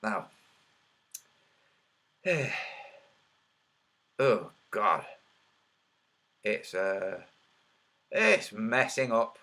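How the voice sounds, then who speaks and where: A man making online videos, talking over his screen and counting out loud as he argues his point, his voice a little trembly. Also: fairly low pitch, big pitch swings, drawn-out words, pauses often. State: slightly trembly voice. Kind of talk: screen-share commentary.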